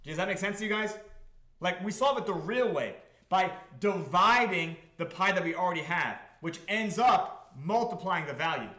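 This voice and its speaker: A man hosting a livestream about his crypto project, talking to the chat in an excitable, profane, repetitive way. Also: high-pitched, moderate pace, echoey room. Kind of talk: livestream talk to a chat audience.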